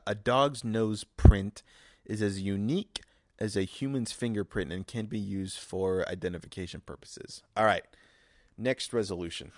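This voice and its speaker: Young guy w a lowish voice rambling on his podcast, swears a lot, dry close mic. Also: gravelly, darkish tone, dry recording. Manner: rambling and profane, with frequent restarts. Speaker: podcast host. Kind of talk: casual solo podcast chat.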